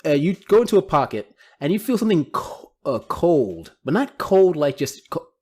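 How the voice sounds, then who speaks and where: A man's voice: on the high side, very animated, a little mellow, husky. Man narrating as game master. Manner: descriptive storytelling with quick asides.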